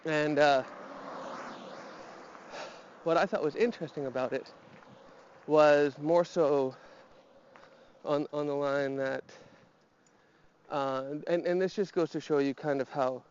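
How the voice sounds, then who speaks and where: A man's voice: on the high side, steady tone, slow pace, long pauses, a little mellow, smooth, lo-fi sound. A man talking casually while walking his dog outdoors, a little out of breath and slightly nasal, rambling with restarts and fillers. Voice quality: a bit nasal. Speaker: podcast host.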